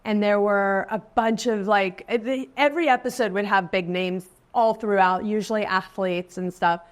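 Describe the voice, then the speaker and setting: A woman's voice: mid-range voice, fairly even intonation, moderate pace. A woman in her forties, a guest actress in a casual interview, who talks in a chatty way, laughs often and lifts her voice when quoting people. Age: 40s.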